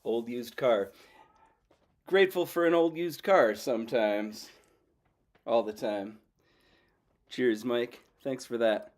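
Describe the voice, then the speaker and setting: A man's voice: medium pitch, takes it slowly, pauses often. A man hosting a casual livestream show, talking loosely with viewers while eating. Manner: rambling and loose, chats with viewers between songs. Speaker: show host.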